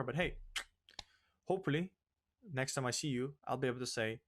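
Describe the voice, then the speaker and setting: A young man hosting a let's play, ranting in exasperation and swinging loud and high when upset. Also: fairly quick. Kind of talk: ranting game commentary.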